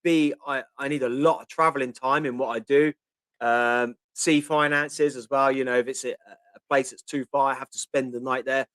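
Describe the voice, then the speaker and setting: A man's voice: mid-range voice, steady tone, moderate pace, fairly bright tone, no echo. A man from Portsmouth with a Cockney-tinged Portsmouth accent, hosting a casual live Q&A. He rambles in a chatty way, reads viewer comments aloud and fills gaps with ums. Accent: Portsmouth English, Cockney-tinged. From Portsmouth, England. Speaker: live stream host.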